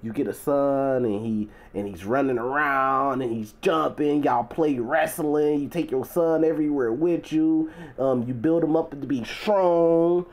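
A man's voice: medium pitch, measured pace, hardly any pauses, darkish tone. A man teaching from the Bible in a casual, conversational way. He leans on "you know" and "right?" and swells into emphatic, preacherly stresses.

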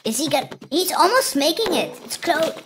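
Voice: extremely high pitch, sing-song, brisk, heavy background noise. A reaction video host who exclaims, gasps and giggles at clips and makes up rhyming nonsense words. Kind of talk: excited reaction commentary. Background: music from the clips.

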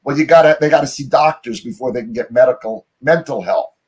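On a remote call, a middle-aged man from the United States speaks fairly quickly in a medium-pitched voice as an interview guest. He tells his story in a loose, rambling way, saying "you know" a lot and abandoning sentences to restart them.

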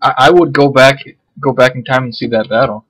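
A man's voice: mid-range voice, fairly even intonation, fairly quick, a bit bright, husky, poor audio. A young man chatting casually over a voice call, blunt and dry. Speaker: guest.

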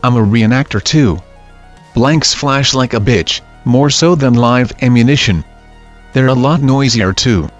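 A man reading scary stories aloud in a steady, even narration. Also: medium pitch, measured pace. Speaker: story narrator. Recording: dull lo-fi audio with faint music.

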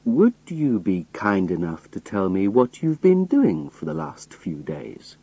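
A man's voice: on the low side, very animated, measured pace, vocal fry, warm tone, breathy edge, no echo, full character voice, rough recording. A man reading as a cold, menacing old villain. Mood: cold, calm.

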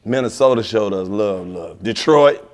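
A man hosting a comedy talk show, telling road stories in casual, profane banter with drawn-out emphasis. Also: lowish voice, animated, darkish tone. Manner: brash storytelling, heavy cursing, drawn-out emphasis. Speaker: comedian host. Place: living room set.

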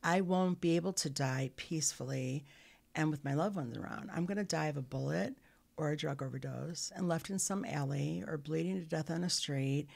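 Gravelly middle-aged woman telling her story. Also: low-pitched, a little mellow. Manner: earnest, halting, frequent restarts. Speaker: podcast guest. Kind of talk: candid personal storytelling.

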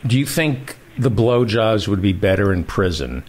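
A man's voice: fairly low pitch, animated, moderate pace, a little mellow, a little hiss or hum. A man hosting a casual interview, asking teasing, provocative questions. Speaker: podcast host.

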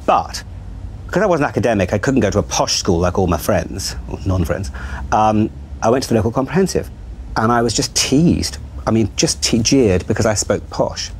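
A well-spoken middle-aged man opens up in a candid, self-deprecating way. His voice sits low. Faint noise runs under the recording. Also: animated, normal speed, darkish tone. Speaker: TV channel executive in a therapy session. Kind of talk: candid conversation.

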